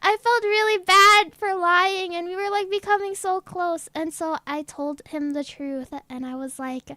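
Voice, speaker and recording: A woman's voice: extremely high pitch, a little slow, bright, forceful tone, dry recording, clean studio sound. A woman with a girlish, childlike voice, telling a story in a giggly, rambling way as a VTuber chatting on stream. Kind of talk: casual stream chat.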